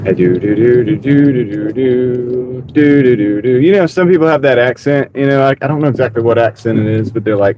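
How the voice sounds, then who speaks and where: A man's voice: medium pitch, takes it slowly, long pauses. A man live-streaming from his car as a delivery driver, chatting casually with viewers and playfully repeating words. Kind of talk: casual live-stream chat while driving. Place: inside a car. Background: faint car noise.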